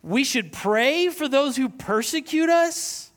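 High-voiced man preaching a sermon. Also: expressive, fairly bright tone. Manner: sarcastic, slows down to stress key lines.

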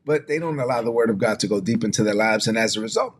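A man's voice: fairly low pitch, fast, slightly rough. A man preaching a streamed sermon as pastor, emphatic and repetitive, often prompting listeners to say words back or type them in the chat.

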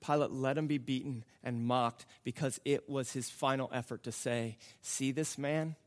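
A man preaching a sermon, reading scripture and explaining it in a slow, dramatic way that builds to emphatic outbursts. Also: medium pitch, fairly even intonation. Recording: long hall reverb.

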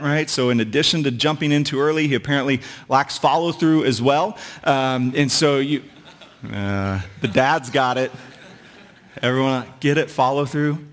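A man's voice: fairly high pitch, a bit bright. A man preaching a sermon as a pastor, talking in a conversational way with asides and jokes. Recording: long hall reverb.

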